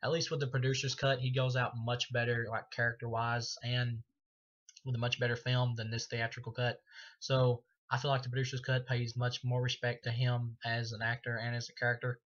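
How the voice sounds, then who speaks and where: A man reviewing a film in a loose, rambling way, cursing often and padding with "uh" and "like". His voice is bright and tense but stays fairly flat in pitch. The recording sounds dull and lo-fi. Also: brisk. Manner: rambling, profane, full of fillers. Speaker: movie reviewer. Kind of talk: casual spoken film review.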